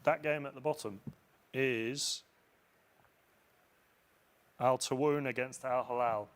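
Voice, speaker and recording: A man's voice: mid-range voice, fairly even intonation. A man hosting a live football chat show, talking casually with co-hosts and jumping into match commentary. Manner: chatty, quick to jump into commentary.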